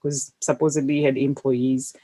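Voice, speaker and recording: A woman's voice: a bass voice, flat delivery, normal speed, mellow. Chatty woman podcast host telling stories. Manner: chatty, anecdotal, with frequent fillers. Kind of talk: casual storytelling monologue.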